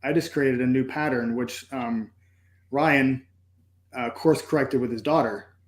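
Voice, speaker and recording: A man sharing a personal story as a podcast guest, earnest and reflective, often stopping to restart a thought. His mid-pitched voice carries a noticeable room echo. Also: steady tone, unhurried.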